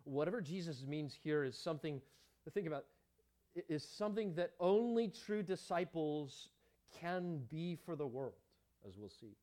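A man's voice: a little high, animated, moderate pace, dark tone. A man preaching a sermon as pastor, emphatic, with rhetorical questions and chatty asides to the congregation.

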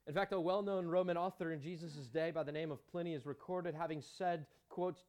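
A man's voice: on the high side, moderate pace, hardly any pauses, darkish tone. A man preaching a sermon as pastor, emphatic, with rhetorical questions and chatty asides to the congregation.

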